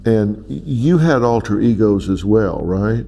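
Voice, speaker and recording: A man interviewing calmly, asking probing questions and repeating answers back. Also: fairly low pitch, slow pace, creaky, soft background music.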